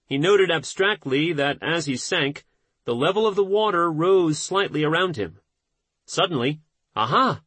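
A man narrating a nonfiction audiobook in a measured, steady reading voice. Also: a little high, husky, dry recording.

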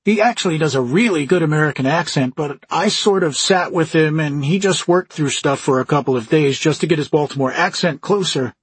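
Raspy, lively male storyteller. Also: a little high, a little fast, few pauses, no echo. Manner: animated storyteller acting out dialogue. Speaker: actor interviewee. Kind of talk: anecdotal interview.

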